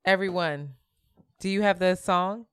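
A woman co-hosting a casual podcast chat, teasing and quick to laugh. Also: fairly low pitch, smooth, no echo. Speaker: podcast co-host.

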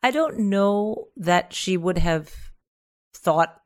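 A woman's voice: mid-range voice, unhurried. A woman with a mid-range voice makes her point frankly. She adds wry, blunt asides in a casual chat. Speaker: guest comedian.

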